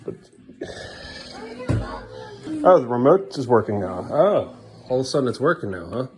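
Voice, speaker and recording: A man's voice: mid-range voice, very animated, normal speed. A father talks his way through a casual family vlog at home. He coaxes and teases his small children in an everyday, playful voice. Faint music plays in the background. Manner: coaxing and bantering with small children. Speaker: father vlogging his day with his sons.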